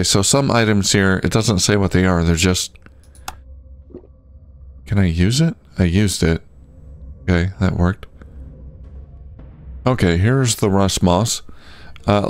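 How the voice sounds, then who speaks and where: A low-voiced man hosting a let's play, talking through the game casually and thinking aloud. Faint music runs underneath. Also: slow pace, long pauses. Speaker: gaming channel host.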